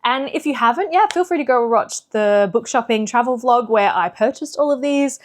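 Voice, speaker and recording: A woman's voice: a little high, normal speed. Chatty woman book vlogger. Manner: chatty and animated, with fillers. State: slightly out of breath. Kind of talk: casual chat.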